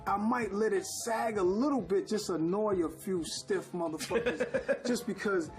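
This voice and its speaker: A man's voice: high-pitched, normal speed, soft background music. A man reciting rap verse and then talking bluntly and emphatically in an interview. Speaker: rapper interviewee.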